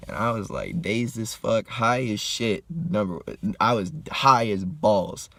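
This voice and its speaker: A young man telling a story in a laid-back, slangy, profane way while getting high and smoking. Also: expressive, measured pace, creaky, a bit bright. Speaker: vlogger. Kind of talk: casual storytime.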